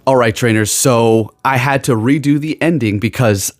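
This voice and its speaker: A man's voice: mid-range voice, normal speed. A man talking into a USB microphone, giving gaming tips and joking animatedly about his critics in a casual vlog. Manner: animated, jokey, ranting about haters. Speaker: gaming YouTuber.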